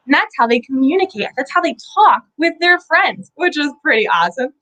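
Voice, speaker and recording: A young woman hosts a children's lesson about animals, her voice high and swinging up and down in a lively, sing-song way. She keeps asking young viewers questions and leads them in playful sound effects. Her voice is a touch hoarse. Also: fairly quick, low-quality recording. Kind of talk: live kids' lesson with animals.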